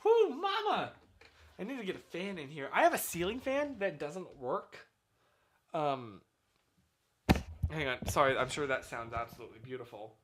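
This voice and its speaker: Chatty, animated man live-streaming from his room. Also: on the high side, moderate pace, long pauses, slight background noise. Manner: chatty, animated, effusive congratulations. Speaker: livestream host. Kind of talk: casual live-stream chat with chat. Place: small bedroom at home. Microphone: desk microphone, sometimes turned away.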